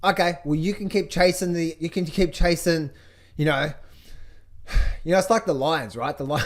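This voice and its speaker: A middle-aged man coaching on trading, talking over charts in an energetic, playful way, chanting phrases in a sing-song repetition. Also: a little high, measured pace, pauses often. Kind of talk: casual market commentary over charts.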